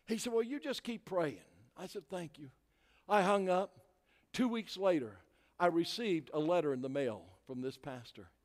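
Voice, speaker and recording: An older man preaching as a guest speaker, telling a story with animated delivery that rises to shouts. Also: high-pitched, moderate pace. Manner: animated, rising to shouts at climaxes. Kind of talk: sermon storytelling. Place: church sanctuary. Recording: long reverb of a large hall.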